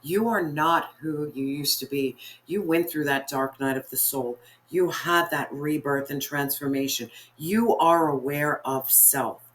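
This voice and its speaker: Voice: mid-range voice, measured pace, hardly any pauses, fairly bright tone. Earnest tarot reader speaking to viewers. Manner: earnest and encouraging, repeats phrases. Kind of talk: spiritual tarot reading.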